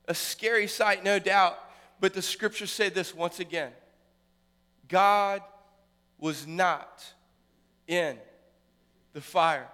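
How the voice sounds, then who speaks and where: Male preacher with a bright, high voice, delivering a dramatic sermon; long hall reverb. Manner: dramatic preaching, building loud then dropping to a hush. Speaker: pastor.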